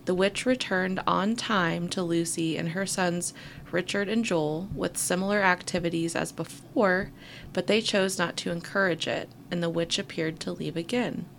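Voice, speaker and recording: A woman's voice: lowish voice, moderate pace, gravelly, slight background noise. A woman co-host reading a story aloud, breaking off now and then for wry asides. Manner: reads at an even pace with wry asides. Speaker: podcast co-host. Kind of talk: reading a story aloud between casual chat.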